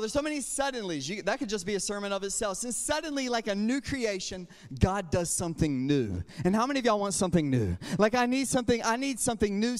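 High-voiced young preacher in echoing sanctuary. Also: male voice. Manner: energetic, storytelling preacher with call-and-response. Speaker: youth pastor. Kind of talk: sermon. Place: church sanctuary. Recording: long hall reverb.

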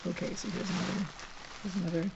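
A woman's voice: fairly low pitch, level tone, fast, highs cut off, background noise. Chatty, giggly book-haul woman. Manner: chatty, giggly, drifts into soft whispers while reading spines. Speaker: book vlogger. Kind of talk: casual book haul vlog. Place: home.

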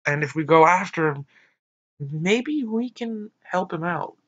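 A man's voice: on the high side, expressive, a little slow, dull audio. A man hosting a let's play, reading the narration of a visual novel and breaking off to joke and decide what to do. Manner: reads narration softly, jokes loudly in asides. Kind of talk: narrating and commenting on a game. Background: faint game music.

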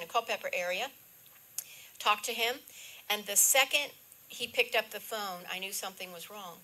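Bright-voiced older woman telling a story. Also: a little high. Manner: slow, earnest, dropping to a soft hush for reflective moments. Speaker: guest speaker. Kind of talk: personal spiritual storytelling talk.

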